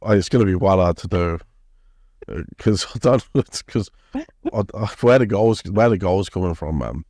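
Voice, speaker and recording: A man's voice: sits low, animated, normal speed, a little mellow, no room sound, clean studio sound. A man co-hosting a football podcast, rambling and swearing, laughing often. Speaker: podcast co-host. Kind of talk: casual football chat.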